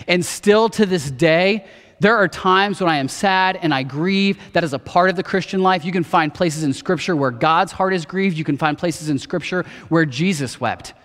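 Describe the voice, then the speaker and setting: A man in his thirties giving a sermon as pastor, telling a personal story earnestly and dropping softer for quoted words. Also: sits high, normal speed. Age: 30s. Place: church auditorium. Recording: long reverb of a church hall.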